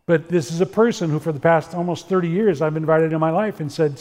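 A middle-aged man preaching in an earnest, animated way, acting out quoted dialogue as he tells stories. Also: on the high side, fast, hardly any pauses. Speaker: pastor. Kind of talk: sermon-style talk with storytelling. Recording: long reverb of a large room.

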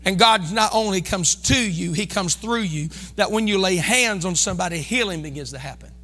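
Fervent, bright-voiced preacher in a reverberant church. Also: male voice, high voice, normal speed, faint music behind. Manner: fervent call-and-response preaching, bursts into shouts. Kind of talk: sermon. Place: church sanctuary.

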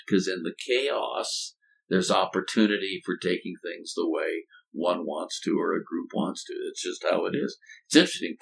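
An older man, a former college president, telling stories in a thoughtful, halting way with folksy turns of phrase. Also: sits low, creaky, low-quality recording. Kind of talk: reflective conversational storytelling.

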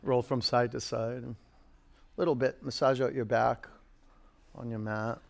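A man's voice: mid-range voice, steady tone, unhurried, creaky. A man teaching a live yoga class, calling out poses, counting down holds and coaching students by name.

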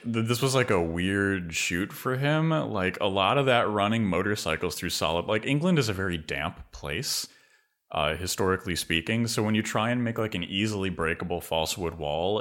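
A man's voice: sits low, animated, moderate pace, fairly bright tone. A man co-hosting a podcast, talking movies in a rambling way, full of filler words. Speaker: podcast co-host. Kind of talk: casual film discussion.

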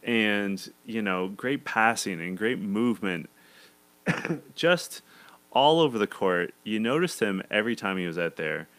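A man's voice: on the low side, expressive, measured pace, a bit bright. A Canadian man, a guest on a podcast, talking basketball in a playful, teasing way. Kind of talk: casual sports chat.

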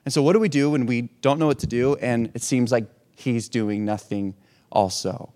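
A pastor from a hurricane-prone region preaches a conversational sermon, posing rhetorical questions and restarting his phrases. His mid-range voice is warm and moves at a moderate pace.

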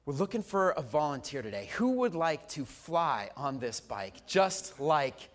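Man, 40s, pastor giving a sermon; lively storyteller, slightly high voice. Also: unhurried. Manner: storytelling, animated, swings from loud to soft.

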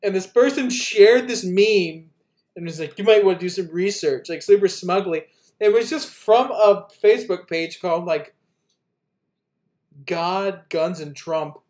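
A man's voice: high voice, unhurried, a little mellow. A man co-hosting a casual political podcast, ranting with profane sarcasm and acting out the people he mocks. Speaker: podcast co-host.

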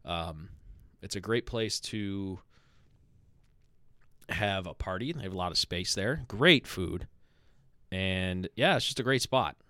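A man hosting a podcast in relaxed, rambling chat. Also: deep voice, slow, long pauses, no echo. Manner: relaxed, rambling, with fillers and self-corrections. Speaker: podcast host.

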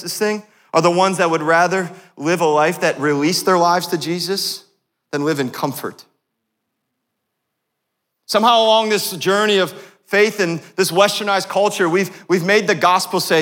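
Man, pastor, sermon, high voice, fervent and playful, long church-hall reverb. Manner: passionate preaching that swings from hushed to loud; laughs and jokes with the congregation. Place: church sanctuary.

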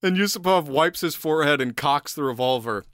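A man telling a story in loose, casual chat, with a lively voice that climbs and dips and a bright, forward tone. He laughs often and acts out the characters' lines. The sound is dry and close. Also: a little high, brisk, no room sound. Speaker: podcast co-host.

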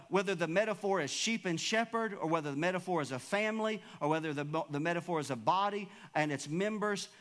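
A pastor delivers an emphatic sermon, calling out to his congregation. His voice sits high for a man. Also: a bit bright. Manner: preachy, emphatic, calls out to congregation.

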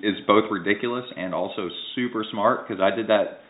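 A man's voice: fairly low pitch, a little fast. A man hosting a casual chat at home, easygoing and plain-spoken. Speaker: triathlete and podcast host. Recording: echoey tinny phone-like audio.

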